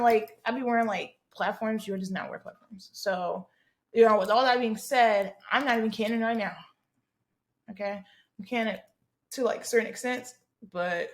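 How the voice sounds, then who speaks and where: A young woman hosting her own podcast, chatting casually and bluntly through listener questions, swearing freely and using a lot of slang. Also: a little high. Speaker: podcast host. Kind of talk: casual solo chat answering listener questions.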